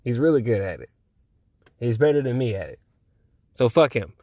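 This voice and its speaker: A young man hosting a solo chat podcast while high, talking in a loose, rambling way with lots of slang and swearing. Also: sing-song, moderate pace, mellow, dry recording. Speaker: podcast host.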